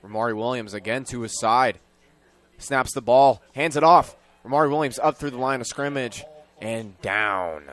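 A young man calling high school football play-by-play, his voice climbing sharply on big plays. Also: moderate pace, a bit bright. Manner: rises sharply in pitch and volume on big plays. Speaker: play-by-play commentator.

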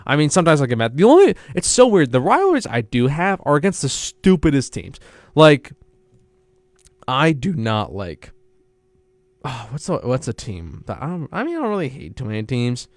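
A man's voice: mid-range voice, normal speed, dry recording. A young man hosting a casual college radio sports show. He rambles and corrects himself often. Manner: rambling, animated, self-correcting. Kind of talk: casual solo sports talk.

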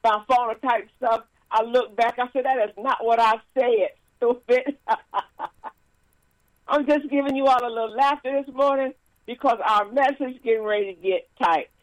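A woman minister giving a casual sermon with stories and announcements, lively and laughing, with frequent praise interjections. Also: on the high side, moderate pace, dry recording, poor audio.

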